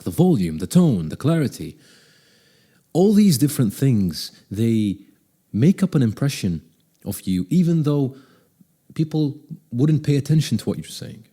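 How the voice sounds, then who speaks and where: Speaking directly to camera, a voice coach shares tips for sounding confident, often changing his pace and volume to demonstrate. His mid-range voice is warm and husky.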